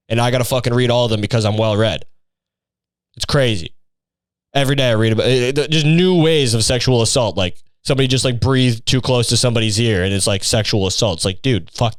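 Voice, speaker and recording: A young man hosts a comedic podcast, ranting in a rambling, profane and sarcastic way. His voice is smooth and clear. It is recorded dry, with no room sound. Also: mid-range voice, no echo. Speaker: podcast host.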